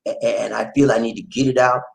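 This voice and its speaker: A man from the United States hosting a live stream, talking loud and playful, often repeating himself. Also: medium pitch, fairly even intonation, fast talker, gravelly, low-quality recording. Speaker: host. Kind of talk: lively live-stream chat.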